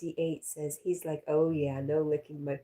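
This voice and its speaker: A woman's voice: sits low, level tone, moderate pace, warm tone. A woman hosting a casual live stream, reading viewer comments aloud and chatting with a laugh.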